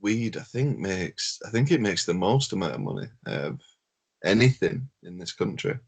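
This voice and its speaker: A man with a slightly low voice co-hosts a casual podcast chat. He talks in a laid-back way, drops the odd swear word and laughs easily. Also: very animated, moderate pace, vocal fry, slightly rough. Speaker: podcast co-host.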